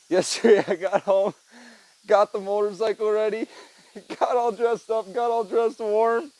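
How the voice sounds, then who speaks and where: Speaking unhurriedly in a high, slightly mellow voice that barely moves in pitch, a weary man runs a casual one-person podcast. He rambles in a laid-back way, curses, and says "man" and "dude" a lot. The headset-mic audio has no echo but is poor overall.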